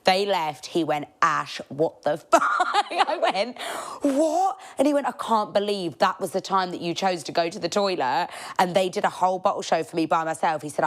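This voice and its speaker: A young woman, a podcast host, telling a story in a casual, animated way with frequent laughs and swearing. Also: low-pitched. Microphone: clip-on mic.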